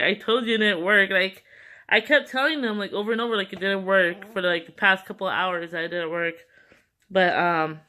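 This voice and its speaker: Young woman vlogger, twenties, bright voice, candid and chatty, cusses casually. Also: lowish voice. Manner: candid, animated storytelling with frequent "like" and cussing. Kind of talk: casual storytime chat.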